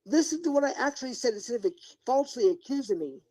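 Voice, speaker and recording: A streamer rants at one person on a live broadcast, talking straight to them and ignoring the chat. The voice is warm and mellow, neither high nor low, but the manner is confrontational: questions come again and again, and the lecturing turns to pleading. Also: lively intonation, quick pace, poor audio. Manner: confrontational, scolding, repeats questions. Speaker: livestreamer. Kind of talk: livestream rant addressed to one person.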